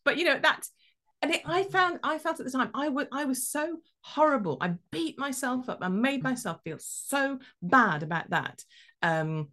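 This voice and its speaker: A woman hosting a podcast, telling a story in a lively, self-mocking way. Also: high voice, normal speed. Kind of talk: casual chat.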